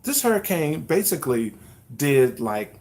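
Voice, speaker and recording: Male livestream host, casual chat, animated, mock-newscaster bits. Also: on the high side, unhurried. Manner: animated, playfully mimics news announcements.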